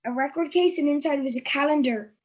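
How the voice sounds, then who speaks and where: A woman with a high voice talks fast while hosting a casual interview. She's chatty and giggly, dropping plenty of ums and likes.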